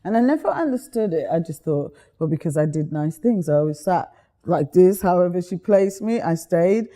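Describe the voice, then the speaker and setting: Lively storytelling woman with a mellow voice. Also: lowish voice, normal speed. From Guyana. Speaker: guest. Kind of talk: casual interview chat.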